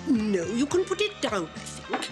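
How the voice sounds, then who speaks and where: A woman voicing a kindly middle-aged cook in an animated dub, gentle and patient. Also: a little high, measured pace, over loud music. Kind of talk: animated series dub acting.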